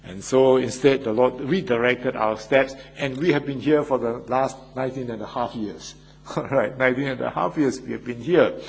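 Older male pastor, husky delivery, earnest sermon style with frequent asides. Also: medium pitch, moderate pace, low-quality recording.

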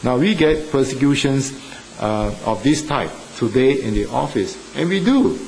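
A male preacher speaking at a mid pitch, earnest and halting, dotting his sentences with fillers and lifting his voice for emphasis. A faint hiss of background noise sits under the recording. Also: animated, a little mellow, low-quality recording. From Singapore or Malaysia. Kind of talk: sermon.

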